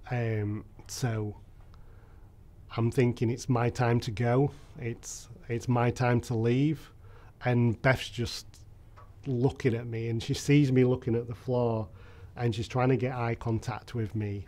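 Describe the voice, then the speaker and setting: A man, telling his own story candidly and reflectively in an interview, with frequent soft fillers. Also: medium pitch, flat delivery, takes it slowly. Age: 30s.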